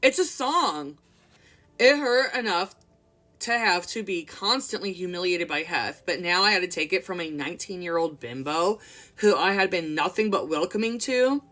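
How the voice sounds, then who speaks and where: Young woman, memoir read-aloud, expressive, casual asides, lowish voice. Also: moderate pace. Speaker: book reader and commentator. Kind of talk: reading a memoir aloud with commentary.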